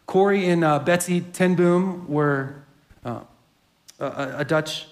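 A pastor giving a sermon and reading a story aloud in a reflective storytelling manner. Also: male voice, on the high side, slow pace.

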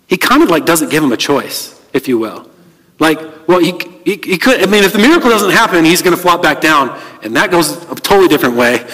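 A man gives a relaxed, conversational sermon, often restarting his phrases. His voice sits a little on the high side. Long reverb from a church hall hangs behind his words. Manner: conversational, many restarts and fillers. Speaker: pastor.

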